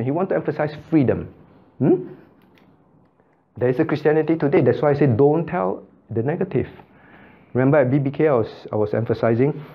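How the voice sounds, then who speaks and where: A male pastor teaching a Bible study, calling on students by name and repeating points with quick checks like "okay?" and "right?". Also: mid-range voice, highs cut off.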